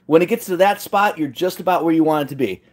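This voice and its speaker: A man's voice: fairly high pitch, fast talker, slight background noise. A man hosting a cooking challenge from his home kitchen, talking casually and jokingly to a live audience. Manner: chatty, joking, self-deprecating. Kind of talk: casual live-stream chat.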